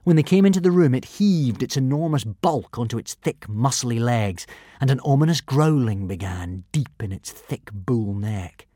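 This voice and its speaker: A man narrating a children's adventure audiobook in an expressive, animated reading. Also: mid-range voice, normal speed, no echo, studio quality. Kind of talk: storybook narration.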